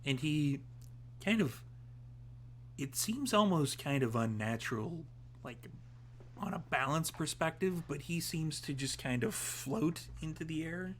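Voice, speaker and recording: A man narrating a tabletop role-playing game as storyteller, slow and hesitant, with many fillers. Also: a little high, lively intonation, slight background noise.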